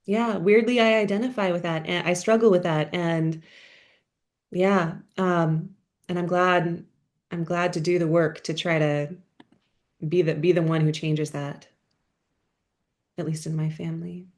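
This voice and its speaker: A woman's voice: on the low side, steady tone, a little slow, pauses often. A woman from the United States leading a discussion workshop over a video call, thinking aloud in a musing way with hedging asides. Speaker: workshop facilitator.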